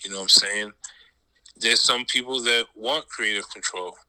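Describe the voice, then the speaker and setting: Very bright-toned man, slangy chat. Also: lowish voice, fairly even intonation, normal speed, poor audio. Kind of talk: casual chat.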